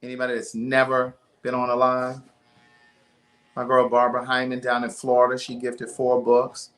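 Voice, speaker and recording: Bright-voiced man hosting a live stream. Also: mid-range voice, monotone, normal speed, faint music behind. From Maryland. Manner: chatty, reads viewer names aloud. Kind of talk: casual chat.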